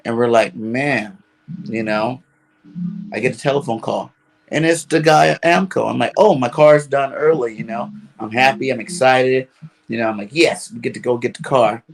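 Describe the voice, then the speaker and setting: A man's voice: mid-range voice, moderate pace, creaky. A man telling a long personal story in casual talk, constantly filling with "you know". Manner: rambling, fills with "you know". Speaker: caller.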